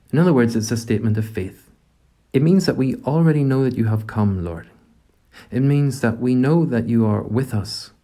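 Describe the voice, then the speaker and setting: A man leading a gentle, reflective prayer meditation, speaking directly to God. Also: fairly low pitch.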